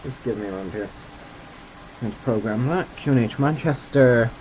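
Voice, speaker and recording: A man's voice: medium pitch, normal speed, background noise. A man from Ireland giving casual, rambling commentary while playing a flight simulator, thinking aloud and poking fun at himself. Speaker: gaming video host.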